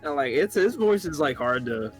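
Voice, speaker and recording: A man chats casually on a live stream, rambling and swearing between jokes. His pitch jumps around a lot as he talks. Quiet game music sits in the background. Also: sing-song, normal speed.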